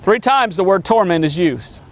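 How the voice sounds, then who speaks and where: A high-voiced male evangelist delivers a sermon. He preaches emphatically, leaping up on exclamations and sinking low to drive points home. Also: lively intonation, moderate pace. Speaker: missionary evangelist.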